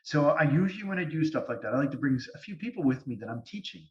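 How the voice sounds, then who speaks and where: Man on a call telling a story, kinda high voice, echoey far away dull audio. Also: rapid-fire. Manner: animated, lively storytelling. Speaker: guest medium. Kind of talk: storytelling interview. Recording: distant, echoey, dull sound.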